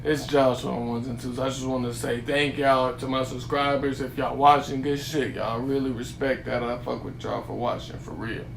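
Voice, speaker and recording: A man's voice: medium pitch, flat delivery, moderate pace, vocal fry, hardly any pauses. Young man, joking vlog co-host, slangy banter, echoey noisy room. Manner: joking, slangy, loud bursts of laughter. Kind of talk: casual banter.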